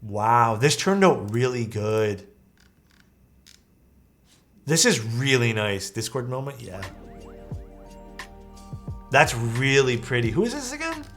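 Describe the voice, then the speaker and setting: A man's voice: medium pitch, very animated, takes it slowly, pauses often, a bit bright, soft background music. A man casually commenting on viewers' keyboard photos during a live stream, easygoing and full of praise. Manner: enthusiastic, easygoing, lots of praise.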